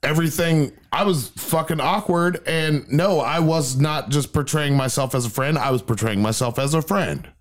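A man in his thirties telling a story in casual chat, animated and profane, acting out the quotes. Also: normal speed, hardly any pauses. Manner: animated, profane, acts out quotes in a mocking high voice.

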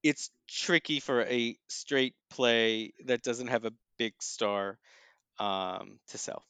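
A man talking through the plays and films he has just seen, in a smooth, resonant voice and a relaxed, measured way. He pauses often with ums and starts his sentences over. The sound is close and dry. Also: mid-range voice, dry recording. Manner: thoughtful, with frequent ums and restarts. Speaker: theater and film critic. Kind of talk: casual review chat.

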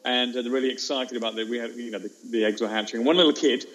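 A man, a teacher, telling a classroom story in a fast, lively way and acting out the children's voices. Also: mid-range voice, poor audio. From England. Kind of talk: animated storytelling.

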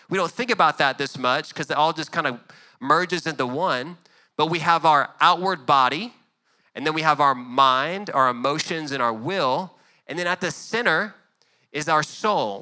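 A man's voice: on the high side, pushed and bright, clear, resonant tone. A young adult male pastor preaching a sermon in a conversational way, acting out imagined back-and-forth dialogue.

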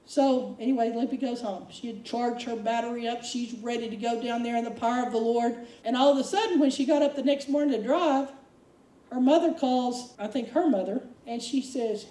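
A woman's voice: fairly high pitch, fairly quick. A woman preaching a sermon, telling stories and acting out quoted lines with energy. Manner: storytelling, animated quoting. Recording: echoey room, from far off.

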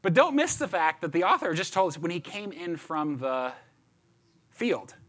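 A male pastor preaching in a loose, chatty way, tossing in "right?" and "like" as he goes. His voice sits a little high and moves around a lot, lively and expressive. He restarts phrases often and keeps the tone conversational. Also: moderate pace. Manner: animated, chatty, repeats words and asks "right?". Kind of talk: conversational sermon.

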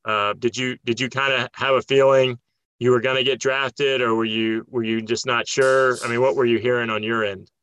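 Bright-voiced male interviewer, dry sound. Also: medium pitch, flat delivery, moderate pace, clear, resonant tone, no echo, poor audio. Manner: rambling questions with restarts. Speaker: interviewer, host. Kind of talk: casual interview questions.

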